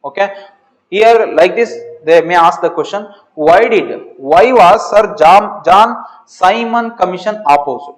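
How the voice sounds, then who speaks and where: A man lecturing in Indian English with a Kannada accent, his voice pitched high for a man. He drills each point by repeating it and putting questions to himself. A long reverb trails his words. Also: normal speed. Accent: Kannada-influenced Indian English. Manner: repeats key points, asks and answers his own questions. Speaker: social studies teacher. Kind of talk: classroom lecture.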